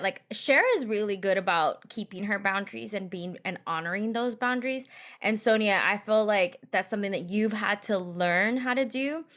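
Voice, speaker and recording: A woman's voice: medium pitch, a bit bright. Chatty woman hosting a podcast. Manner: conversational, laughing often, with many fillers. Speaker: podcast host. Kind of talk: casual chat.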